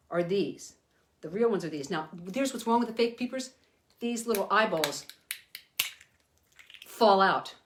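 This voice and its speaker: Chatty older woman teaching puppetry. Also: medium pitch. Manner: chatty, rambling, with frequent self-corrections. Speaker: children's entertainer and ventriloquist. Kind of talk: casual puppet-making lesson.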